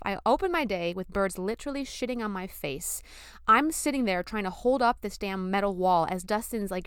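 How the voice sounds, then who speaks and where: A young woman hosts her podcast, telling a story in a casual, animated way. Her voice is smooth and clear with a middling pitch. The sound is dry and close. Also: dry recording. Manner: animated, chatty, lots of fillers. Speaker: podcast host.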